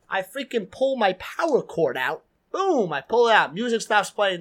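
New york dude, kinda high voice, animated storyteller, swears a lot. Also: male voice, normal speed. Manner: animated, swears, acts out quotes. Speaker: guest DJ. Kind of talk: casual storytelling.

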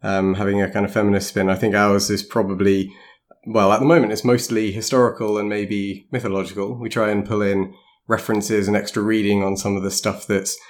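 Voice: low voice, flat delivery, a little fast. Easygoing podcast co-host chatting. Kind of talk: casual podcast chat.

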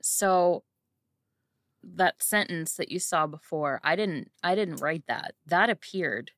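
Woman player, tabletop game, halting phrasing, many fillers, lowish voice, dry sound. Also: fairly bright tone, no echo. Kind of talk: casual in-character play.

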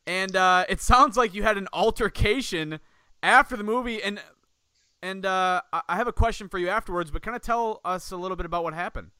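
A man hosting a podcast in casual chat, relaxed and teasing. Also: high voice, brisk, clean tone, dry recording. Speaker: podcast host.

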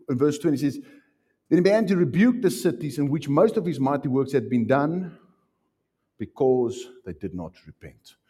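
A man preaching a sermon as pastor, animated and acting out little voices as he teaches. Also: a little high, breathy edge. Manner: animated, acts out voices, laughs often.

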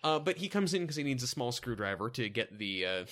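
Man, podcast co-host, casual joking chat, animated pitch, bright tone. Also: brisk. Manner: joking, jumps into silly put-on voices.

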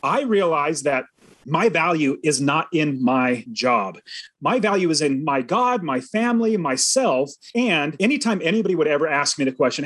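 A man's voice: a little high, sing-song, normal speed, fairly bright tone, no room sound. A man guest on a podcast, earnestly telling a vivid personal story in an interview. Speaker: podcast guest, real estate investor.

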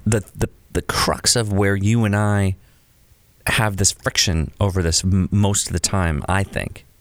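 A man's voice: low voice, measured pace, no room sound. A man co-hosting a casual conversation about creative careers, who talks his points through and acts out examples. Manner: animated, acts out quoted examples. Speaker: podcast co-host.

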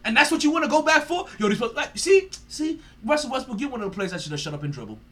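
A man's voice: very high-pitched, sing-song, fast, a bit bright. A man hosting a sports podcast, ranting in a profane, mocking way and laughing often. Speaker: podcast host.

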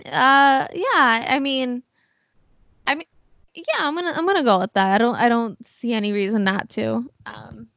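Woman guest, relaxed casual chat, somewhat high voice with gravelly fry, dry close mic. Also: moderate pace, no room sound. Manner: relaxed, hesitant with fillers, casual swearing. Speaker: podcast guest.

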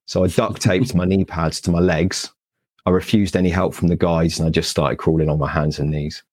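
A British man, a Paralympian appearing as a guest speaker, tells his story animatedly in an interview. His voice sits low and level, a little fast with a darkish tone, as he acts out past conversations in a self-deprecating way.

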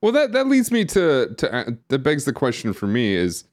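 A man's voice: mid-range voice, huge pitch swings, normal speed. A man co-hosting a podcast in casual chat, rambling and hesitant with lots of fillers and restarts. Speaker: podcast co-host. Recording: live stream podcast recording.

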